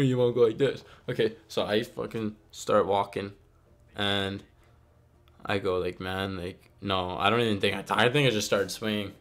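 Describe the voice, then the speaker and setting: A man's voice: lowish voice, fairly even intonation, normal speed, fairly bright tone. A young man telling a story casually, rambling and filling his talk with "like" and "okay?".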